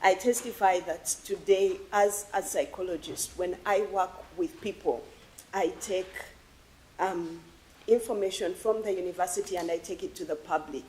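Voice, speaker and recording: A woman from Uganda asking an earnest, emotional question at an academic forum in a lecture hall, with halting restarts. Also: on the low side, darkish tone, a little hiss or hum. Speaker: audience member asking a question.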